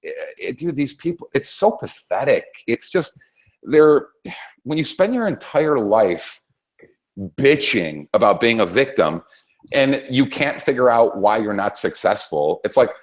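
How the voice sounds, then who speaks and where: A man on a political talk show, ranting hard and swearing nonstop. His pitch swings up and down a lot as he rambles, restarts and works himself up. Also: sing-song, measured pace. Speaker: co-host. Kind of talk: profane political rant.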